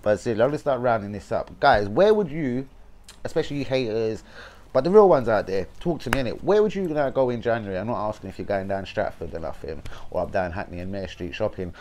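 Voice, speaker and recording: London bloke ranting on his fan stream, kinda low voice, swears loads, says innit a lot. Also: lively intonation, fast, darkish tone, slight background noise. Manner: sweary, blunt London slang, keeps saying innit. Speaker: fan channel host. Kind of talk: casual football rant livestream.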